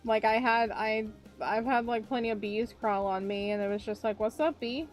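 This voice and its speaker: A young woman chats casually on a drawing stream, her voice sitting a little high as she rambles through stories, stumbling over words and slipping into quick voiced quotes. Soft music plays faintly behind her. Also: flat delivery. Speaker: VTuber streamer. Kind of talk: casual chat while drawing.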